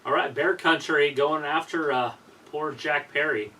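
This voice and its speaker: A man's voice: on the high side, measured pace, bright, forceful tone, far from the mic, low-quality recording. Opinionated man calling wrestling moves. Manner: opinionated, calls out moves and botches. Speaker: co-host reacting to a wrestling show. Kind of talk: casual live-stream commentary.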